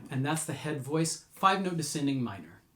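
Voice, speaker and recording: Man teaching vocal warm-ups in an echoey room. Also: sing-song, normal speed, loud music behind the voice. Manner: explains patiently, breaks into high sung demos. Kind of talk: vocal lesson with sung demonstrations.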